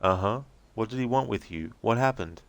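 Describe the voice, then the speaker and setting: A man doing a gruff, impatient federal agent. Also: fairly low pitch, lively intonation, moderate pace, no room sound, pitched above the performer's own voice. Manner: blunt, pushy, swearing. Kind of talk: reading game transcripts aloud with voices.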